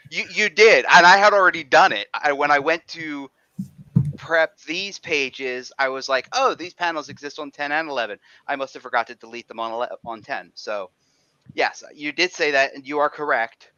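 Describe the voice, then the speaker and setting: A man with a bright, crisp voice explains his script edits in casual chat, often restarting his sentences. The audio is dry and dull, like a lo-fi recording. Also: fairly high pitch, normal speed, dry recording. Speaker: comic script writer.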